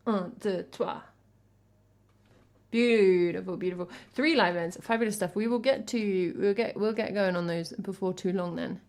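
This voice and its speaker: A woman's voice: mid-range voice, moderate pace, few pauses, darkish tone. An English woman from England, a music streamer chatting casually between songs, reading chat and thanking viewers in a chatty, self-deprecating way.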